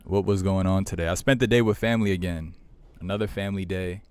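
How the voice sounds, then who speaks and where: Deep-voiced laid-back young man streaming. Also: steady tone, quick pace, a little mellow, smooth. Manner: laid-back, talks to chat, repeats himself. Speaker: livestream host. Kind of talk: casual livestream chat with viewers.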